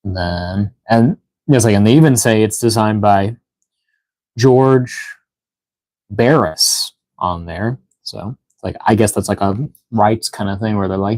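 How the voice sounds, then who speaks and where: With a low-leaning, darkish voice and a measured pace, a tired man hosts a live toy unboxing. His talk is rambling and full of fillers, broken by yawns and breathlessness, and he reads viewer chat aloud. No echo is present.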